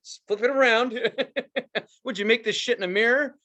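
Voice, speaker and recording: A man co-hosting a podcast, telling a story in casual chat, swearing a lot and acting out quotes loudly. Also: very high voice, normal speed. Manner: profane, animated storytelling with loud acted-out quotes. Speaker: podcast co-host.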